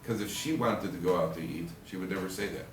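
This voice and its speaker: Rabbi, distant echoey lecture room. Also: male voice, low-pitched, fast talker, a little hiss or hum. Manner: animated storytelling, acts out quoted husbands and wives, jokey asides. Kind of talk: Torah class lecture. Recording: echoey room recorded from afar, faint ambience.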